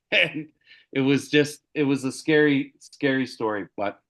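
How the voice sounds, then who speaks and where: A man, a podcast host, telling a story in a casual, halting way with many restarts. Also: medium pitch, fairly bright tone.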